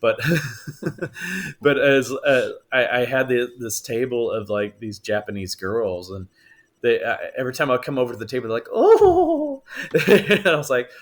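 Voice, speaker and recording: A man's voice: medium pitch, normal speed, a bit bright. A man, an actor, telling stories in a podcast interview, laughing often and acting out the voices he quotes. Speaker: actor and voice actor guest. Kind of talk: animated storytelling in conversation.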